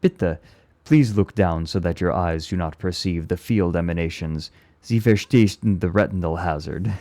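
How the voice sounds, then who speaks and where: A man voicing a brisk, formal elderly male technician in a story reading. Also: low voice, dark tone. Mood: polite. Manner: curt, formal and businesslike.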